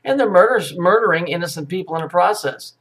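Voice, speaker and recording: A man ranting through a crude, mocking commentary on news clips. His voice sits a little high for a man, and he swears freely and jeers with sarcasm. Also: expressive, fast talker, a bit bright.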